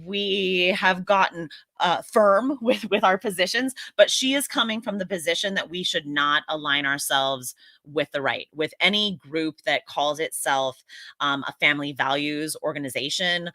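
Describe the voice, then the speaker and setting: A woman from the United States chats casually on a live stream. Her voice sits low but sounds bright and forceful, and she is earnest and reflective. The sound is dry and close. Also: normal speed, no room sound. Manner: earnest and reflective, often restarting her sentences.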